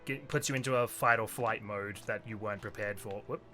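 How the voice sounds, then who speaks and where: A man streaming a game and chatting casually, quick to laugh, rambling from topic to topic. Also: on the low side. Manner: animated, laughs often, loose rambling talk. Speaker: streamer and co-host. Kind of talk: casual chat while gaming. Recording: faint game music behind.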